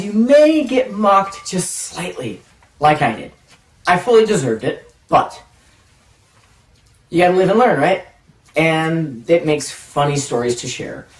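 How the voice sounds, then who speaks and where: A man telling a self-mocking personal story in a casual, animated way, acting out the dialogue. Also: high voice. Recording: roomy echo, distant mic.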